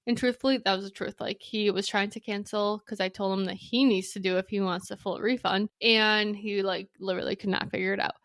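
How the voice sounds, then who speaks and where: A young adult woman from Wisconsin hosting a podcast, telling a story in a chatty, casual way, full of "like" and quick side notes. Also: mid-range voice, steady tone, a bit bright, no echo, studio quality. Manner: chatty, lots of "like", quick asides and apologies. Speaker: podcast host.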